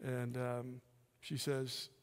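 A middle-aged man giving a sermon with personal testimony in a church, earnest and candid, with soft self-deprecating laughs. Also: mid-range voice, completely flat delivery, very slow. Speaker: guest preacher. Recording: long reverb of a church hall.

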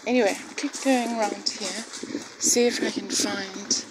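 A woman's voice: medium pitch, unhurried, hardly any pauses. Casting: older woman narrating a walking tour, handheld phone outdoors, heavy noise. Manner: chatty, admiring, often drops to a hushed voice. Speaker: vlogger. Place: outdoors in a village street. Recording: loud background noise.

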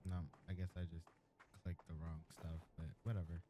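A man's voice: low-pitched, level tone, normal speed, background noise. A man hosting a gaming channel, making offhand, shrugging remarks as he plays. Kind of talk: casual gameplay commentary.

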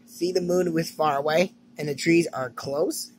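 A man playing a gentle cartoon grown-up. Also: a little high, fairly even intonation, unhurried, slight background noise, lightly acted, rough recording. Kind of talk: animated cartoon dialogue.

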